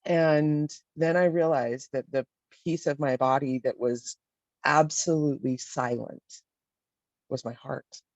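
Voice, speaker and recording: A woman's voice: low voice, steady tone, measured pace, a little mellow, dry recording. Woman participant, hesitant reflective sharing, dry lo-fi call sound. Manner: reflective, hesitant, many fillers. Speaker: workshop participant. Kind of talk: personal sharing in a group.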